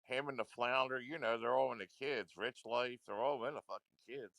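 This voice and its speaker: A man's voice: medium pitch, fairly even intonation, normal speed, creaky, a bit bright, no echo. A man ranting into a livestream, confrontational and repetitive, swearing often. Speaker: livestream commentator.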